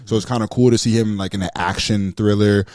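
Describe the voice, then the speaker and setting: Fast-talking man, casual podcast chat. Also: on the low side, no room sound, clean studio sound. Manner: quick, excitable, rambling with fillers. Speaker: podcast co-host. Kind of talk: casual movie discussion.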